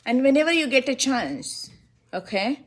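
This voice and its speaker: A woman's voice: high voice, lively intonation, moderate pace. Woman physician giving patient instructions. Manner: instructive, repeats key instructions, laughs easily. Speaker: Ayurvedic physician. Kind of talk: one-on-one consultation with a client.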